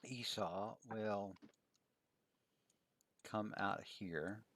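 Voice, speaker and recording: A man playing a tabletop role-playing game, laid-back and quiet, describing his character's actions in third person. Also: fairly low pitch, fairly even intonation, very slow, slight background noise. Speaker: player.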